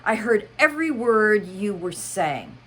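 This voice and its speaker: A woman reads as a drowsy little dormouse with a hoarse voice. He speaks slowly, as if half asleep. It is a cosy storybook creature. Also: medium pitch, very animated, a little hiss or hum, pitched above the performer's own voice. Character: sleepy little male dormouse.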